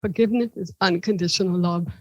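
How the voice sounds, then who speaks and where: A woman's voice: fast talker, no room sound, lo-fi sound. A woman from Ohio, a podcast guest, telling personal stories animatedly and acting out the voices of the people in them. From Ohio, USA. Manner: animated, acts out quoted voices with big pitch jumps. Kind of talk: personal storytelling.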